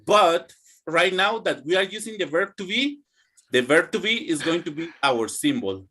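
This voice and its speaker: A man's voice: on the high side, lively intonation, moderate pace, sharp tone. A young man teaching an English grammar class, drilling students to repeat after him. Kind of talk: online classroom lesson.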